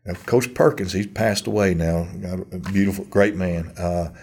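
A man in a very low, husky voice. He tells his stories at length in an interview, jumping back in and acting out what others said to him. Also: fairly even intonation, normal speed, a little mellow. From Mississippi. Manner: rambling anecdotal, acts out quotes. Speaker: guest. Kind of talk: storytelling interview.

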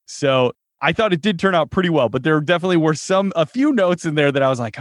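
A man in his thirties from the Chicago suburbs chats as an interview guest. He tells stories in an animated way and laughs now and then. The recording is dry and close. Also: on the high side, fast talker, few pauses, no room sound. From Chicago suburbs, US Midwest. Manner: animated storyteller, laughs while talking. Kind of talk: casual interview.

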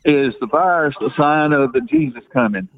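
A man's voice: a little high, moderate pace, narrow, tinny audio, lightly acted. A man voicing a folksy man who drawls homespun questions. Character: folksy Southern man calling in from outside.

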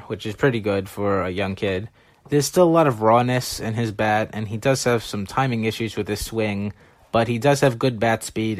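A man's voice: fairly low pitch, no room sound. A man talking through baseball prospects in a casual, analytical way, now and then correcting himself. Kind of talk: solo scouting commentary.

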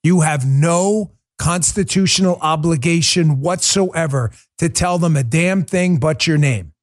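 A middle-aged man hosting a political commentary show, swinging between quiet apology and loud indignation. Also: a little high, a little slow. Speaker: podcast host.

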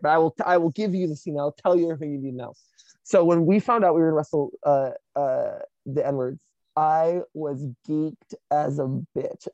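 Animated woman wrestler telling a story. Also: low-pitched, no echo, highs cut off. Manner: animated, profane, laughing storyteller. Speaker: professional wrestler. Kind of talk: casual storytelling.

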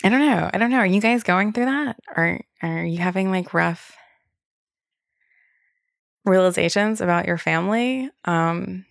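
This young woman runs her own podcast alone, chatting openly with plenty of fillers and the occasional curse. Her mid-range voice is gravelly and a little slow, and the studio recording is clean with no room sound.

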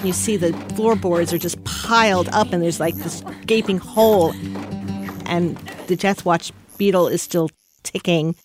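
A widow telling a heartfelt personal story about grief, pausing often. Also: female voice, on the low side, soft background music.

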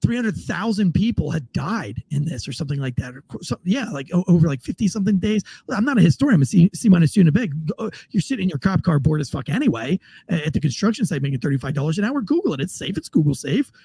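A man hosting a casual political podcast, telling stories in a profane, rambling, excitable way. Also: on the high side, fast talker, vocal fry, hardly any pauses, husky. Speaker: podcast host.

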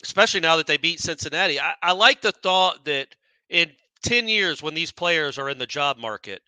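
A man's voice: fairly high pitch, normal speed, clear, resonant tone, no echo. A man co-hosting a casual sports chat show, talking animatedly and riffing on coaches. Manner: animated, mimics coaches in quotes.

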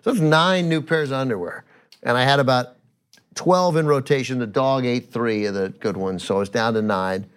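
A man's voice: mid-range voice, normal speed, clear, resonant tone. A man co-hosting a podcast in casual chat, who keeps pressing questions and explains his points with examples. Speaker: podcast co-host.

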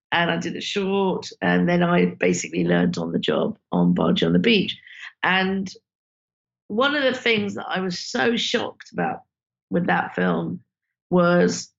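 A woman, a filmmaker guest telling animated stories in an interview and acting out the people she quotes. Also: lowish voice, gravelly, muffled recording. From Britain. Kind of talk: conversational interview storytelling.

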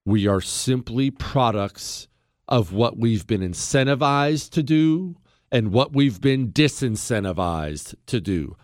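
High-voiced fired-up talk radio host. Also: male voice, no echo, studio quality. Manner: emphatic, rhetorical questions, builds to anger. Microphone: studio microphone.

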